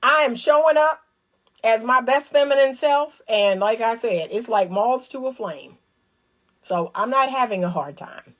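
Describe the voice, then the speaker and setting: A woman delivers lively, informal commentary on relationships directly to camera, her voice a little high and her pace measured. Colloquial wording, phrases repeated for emphasis and mini acted-out scenes fill her talk.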